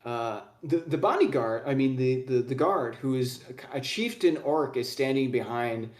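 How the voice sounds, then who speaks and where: A man's voice: mid-range voice, expressive, moderate pace, darkish tone, echoey room. A man narrating as game master of a tabletop game, rambling with many fillers and restarts.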